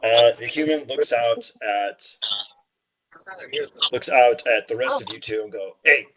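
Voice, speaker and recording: A man narrating as game master, improvising grotesque scenes with animated, laughing delivery. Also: mid-range voice, measured pace, a crowd in the background.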